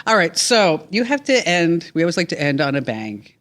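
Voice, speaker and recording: A woman hosting a podcast, chatty and quick to laugh in casual talk. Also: fairly low pitch, very animated, fairly bright tone. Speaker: podcast host. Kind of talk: casual chat.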